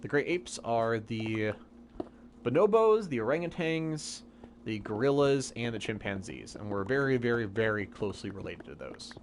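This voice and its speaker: Lively young man explaining to chat. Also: medium pitch, moderate pace, slight background noise. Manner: explains science patiently to chat. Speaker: live streamer. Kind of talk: casual live-stream chat.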